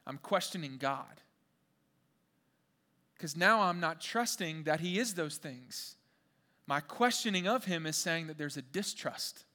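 A young man preaching a sermon, animated and conversational, firing questions at the congregation. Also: on the high side, a little slow. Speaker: pastor.

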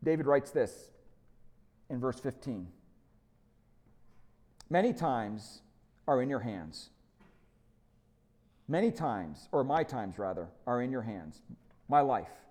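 Male pastor, mid-pitched voice, storytelling sermon delivery that moves from animated to hushed. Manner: storytelling, lively and emphatic, slows to quiet reflection. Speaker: lead pastor.

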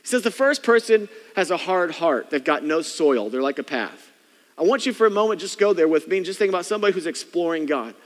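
A man with a high voice preaches to his congregation in a loose, conversational way. He keeps dropping into playful impressions of bored or eager churchgoers. His words ring out with the long reverb of a large church. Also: animated, brisk. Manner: conversational preaching, mimics churchgoers' inner thoughts. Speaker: pastor. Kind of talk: sermon.

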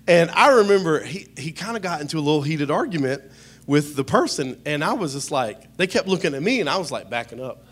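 A man's voice: a little high, sing-song, a little fast, slightly rough. Joking preacher man. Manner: joking, storytelling, calls out to the congregation. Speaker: pastor. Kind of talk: humorous sermon.

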